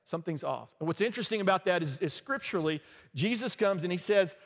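A man preaching a sermon in a casual, joking, conversational way, with quick asides to the congregation. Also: high voice, expressive, fairly bright tone, big-room sound. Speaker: pastor.

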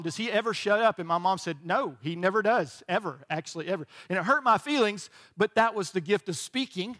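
A man's voice: high voice, fairly bright tone. A middle-aged male pastor preaching a sermon in a chatty, storytelling way, often checking in with "right?". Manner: conversational, storytelling, frequent "right?" asides.

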